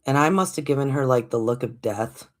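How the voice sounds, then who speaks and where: A woman's voice: very deep voice, a little fast. A woman in her forties telling a story casually as a livestream host, acting out the voices of the people in it and laughing often. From United States. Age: 40s. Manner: animated, acts out quoted voices, laughs often.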